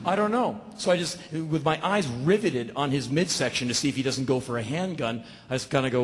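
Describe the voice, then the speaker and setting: A man in his forties telling a comic story live on stage, emphatic and repeating lines in rising shouted bursts. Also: fairly high pitch, animated, a little fast, few pauses. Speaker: spoken word performer. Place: stage in a large hall. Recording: live hall reverb, faint ambience.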